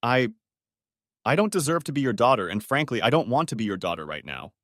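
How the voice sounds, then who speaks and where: A man's voice: medium pitch, sing-song, fairly quick, fairly bright tone, no room sound, clean studio sound. A man voicing a distraught young adult daughter, tearful and pleading with her father. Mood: cold, tired.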